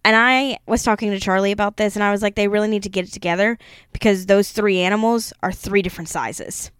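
A woman's voice: mid-range voice, steady tone, fast, smooth, no room sound, clean studio sound. A young woman co-hosting a podcast, reading aloud and chatting casually, laughing often, teasing and swearing. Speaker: podcast co-host.

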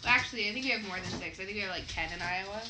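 Racing along at medium pitch, a young Midwestern woman from America co-hosts a podcast in casual conversation, laughing frequently. The recording picks up an echoey room and a bit of faint noise.

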